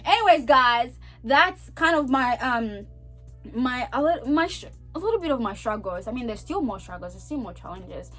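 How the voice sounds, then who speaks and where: A woman's voice: fairly high pitch, animated, moderate pace, faint music behind. A young woman from Zambia with a Zambian accent, talking casually and animatedly to her vlog audience, repeating herself and laughing often. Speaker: vlogger. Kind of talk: casual chat to camera.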